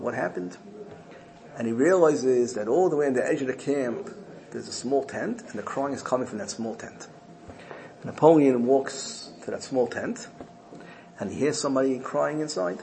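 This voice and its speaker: A man's voice: mid-range voice, vocal fry, a little mellow, poor audio. A man giving a religious talk, telling a story in an earnest, repetitive way. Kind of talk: storytelling sermon.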